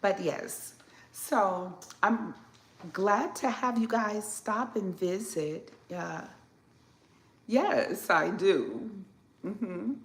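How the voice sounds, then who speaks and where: A woman from southern Illinois in the Midwest hosts a casual live stream from her home kitchen. She's unhurried and chatty, answering viewers with plenty of fillers. Her voice is medium-pitched, and the room sounds echoey.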